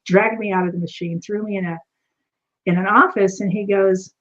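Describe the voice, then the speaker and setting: A woman guest tells a personal story with lively energy and acts out each line of dialogue. Her voice sits at a middle pitch. The audio is a little dull and lo-fi. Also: brisk. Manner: animated, acts out quoted dialogue. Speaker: returning guest.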